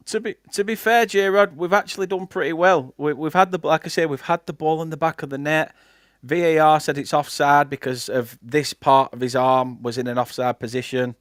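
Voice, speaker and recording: This fan channel watchalong features a young man from England with a Lancashire accent giving casual live commentary on a football match. He's chatty, calling the play and reading viewer comments in between. His pitch is fairly high, his intonation fairly even, his speed normal, and the studio sound is clean with no echo.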